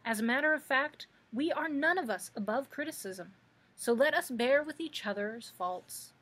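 A gentle, kind-hearted tin man, voiced by a woman reading aloud, anxiously trying to keep the peace. The voice is fairly high and slightly husky. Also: moderate pace. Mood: pleading.

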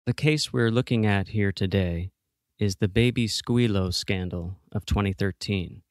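A man hosting a true crime podcast, reading scripted narration in a measured, matter-of-fact way. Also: fairly low pitch. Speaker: podcast host.

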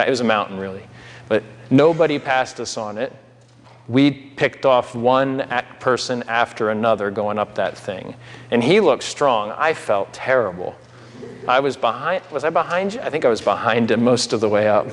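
A man's voice: medium pitch, a little hiss or hum. A man preaching a sermon in a conversational way, with asides to the congregation. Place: church sanctuary. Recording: long hall reverb.

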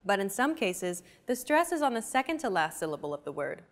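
A woman hosting a language lesson, explaining pronunciation in a clear, even, scripted way. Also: medium pitch, a little fast. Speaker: lesson host.

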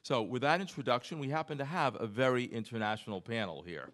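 A man's voice: medium pitch, fast, fairly bright tone. An American man introducing a conference panel, earnest and lightly self-deprecating, with many fillers. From United States. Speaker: panel moderator. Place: conference hall.

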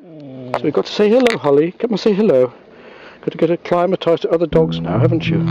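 A man's voice: on the high side, lively intonation, a little fast, muffled recording. A man, a dog trainer, outdoors in the countryside, giving commands and enthusiastic, sing-song praise to a puppy. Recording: outdoor field audio under loud music.

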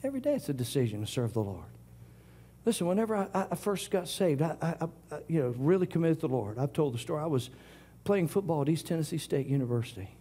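A middle-aged man, preaching to his congregation. His voice sits a bit high but sounds dark, mellow and husky. He swings between raised proclamations and soft, breathy whispers. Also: big pitch swings, fast talker. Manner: preaching, shifts from loud declarations to hushed whispers. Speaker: pastor. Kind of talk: sermon.

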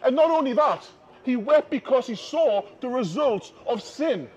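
A man's voice: very high-pitched, animated, a little slow, a little mellow, breathy edge. A man preaching an open-air street sermon, impassioned and repetitive, building emphasis. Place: outdoors on a city street. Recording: dull lo-fi outdoor recording with faint noise.

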